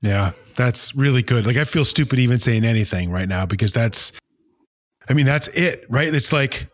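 A man co-hosting a casual faith chat, affirming and halting as he gathers his thoughts. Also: mid-range voice, dry recording. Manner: affirming, halting, self-interrupting.

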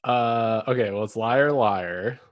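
Low-voiced easygoing male podcast co-host. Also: takes it slowly. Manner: easygoing, laughs often, hedging. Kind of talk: casual chat.

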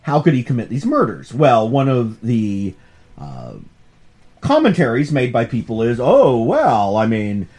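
A man's voice: mid-range voice, moderate pace. A man hosting a podcast course as professor, lecturing casually and joking along the way. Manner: animated, joking, digressive. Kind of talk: casual lecture on a comic book.

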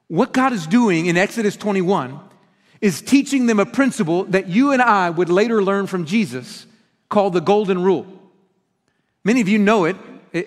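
A man preaching a sermon as pastor, earnest and teaching, with emphatic stresses. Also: high voice. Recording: reverberant hall.

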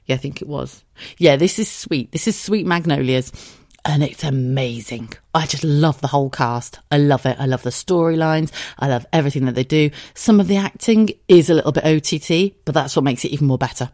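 Hoarse, chatty woman podcaster. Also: sits low, brisk, a little mellow, no echo, clean studio sound. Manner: rambling, chatty, swears freely, laughs often. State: hoarse from tonsillitis. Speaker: podcast host. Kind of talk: casual solo podcast chat.

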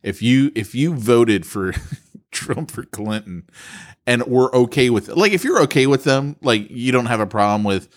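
Man, podcast co-host, mid pitch, lively intonation, blunt, joking. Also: normal speed. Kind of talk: casual chat.

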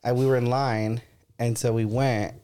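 A man's voice: mid-range voice, normal speed, clear, resonant tone. A man co-hosting a podcast in casual chat, telling stories with laughter. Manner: animated, laughs while telling a story. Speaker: podcast co-host.

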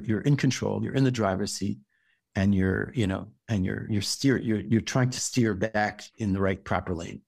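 Gravelly man giving halting parenting advice. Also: mid-range voice, no room sound. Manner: halting, repeats and restarts words, gentle advice. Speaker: rabbi and parenting guest. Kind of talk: casual podcast conversation.

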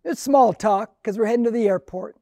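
Older male pastor, earnest and conversational, warm mellow voice, dry recording. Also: sits high, a little fast, no room sound. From Mexican heritage. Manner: earnest, conversational, acts out dialogue. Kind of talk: sermon storytelling.

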